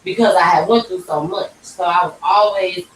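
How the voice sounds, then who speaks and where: A woman vlogger telling a personal story in casual, animated talk, acting out the voices of the people in it, recorded in a tattoo shop. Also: lowish voice, normal speed, slight background noise. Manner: animated, acts out quoted voices. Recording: roomy, distant mic, faint ambience.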